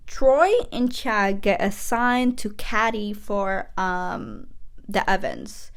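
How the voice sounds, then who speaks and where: A young woman vlogger recapping a movie in a chatty, casual way, often slipping into quick quoted asides. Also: medium pitch.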